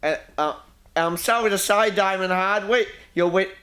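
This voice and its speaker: This smooth, high male voice comes at a moderate pace, sounding pushed and bright. He's an Australian host of a homemade local football show, wandering through casual tips and rants and frequently starting over.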